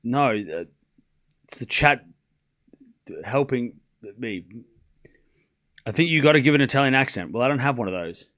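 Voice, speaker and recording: A man's voice: medium pitch, animated, moderate pace, pauses often, fairly bright tone. Playful Australian man calling tennis live. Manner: playful and joking, reads chat aloud, repeats player names to practise them. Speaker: streamer hosting a live tennis watchalong. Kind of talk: casual live-stream commentary and chat.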